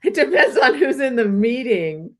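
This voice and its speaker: A woman co-hosting a casual podcast chat, relaxed and easy to laugh, reading questions aloud. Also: sits high, moderate pace. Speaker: co-host.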